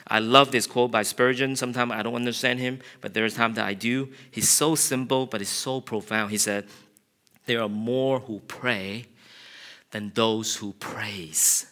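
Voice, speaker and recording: A middle-aged man preaching a sermon, animated, acting out quotes with a raised voice. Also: medium pitch, measured pace. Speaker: pastor.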